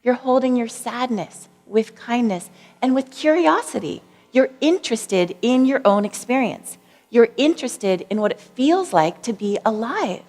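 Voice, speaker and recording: Woman speaker, gentle and candid. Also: a little high, animated, unhurried. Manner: candid, gentle, laughs at herself. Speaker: psychologist giving a talk. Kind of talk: public talk with personal stories. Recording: long reverb of a lecture hall.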